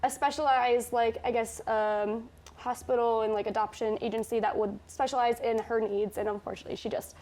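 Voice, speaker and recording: A young woman with a high, bright-pitched voice co-hosts a student campus show. She chats casually and giggles often, stumbling through ums and restarts. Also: steady tone, fairly quick. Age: young adult. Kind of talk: casual chat.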